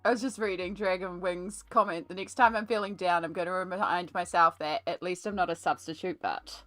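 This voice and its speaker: A woman's voice: lowish voice, steady tone, a little fast, a bit bright. A woman with a New Zealand accent chatting and telling stories on a live stream while colouring, with frequent laughter. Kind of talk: casual chat while colouring.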